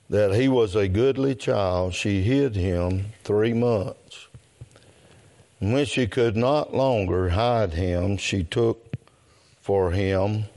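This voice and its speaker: Slow, low-voiced preacher reading scripture. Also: male voice, darkish tone. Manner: slow, deliberate reading with long pauses, throat clearing. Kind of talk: scripture reading in a church service.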